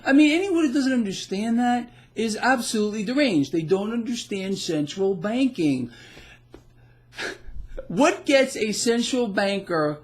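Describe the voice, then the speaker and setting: Emphatic man with a fairly high voice. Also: lively intonation, measured pace. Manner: emphatic, boastful, laughs at the news. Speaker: financial blogger. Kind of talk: casual market commentary.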